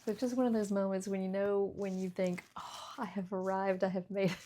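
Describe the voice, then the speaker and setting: A middle-aged woman in a casual haul vlog, gushing and giggling as she shows off clothes, sometimes dropping into soft whispers over small details. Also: mid-range voice, level tone, fairly quick, slight background noise. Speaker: fashion vlogger.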